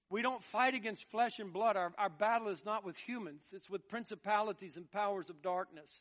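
A man preaching a sermon as pastor, moving between quiet, reflective passages and loud, emphatic declarations, often repeating words as he builds a point. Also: brisk. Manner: swings from soft, low musing to loud, emphatic preaching.

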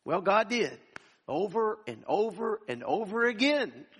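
A man's voice: high-pitched, big pitch swings, measured pace, a bit bright, breathy edge. A man, preaching a sermon in a church and telling stories animatedly, acting out the people he quotes. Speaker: pastor. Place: church sanctuary.

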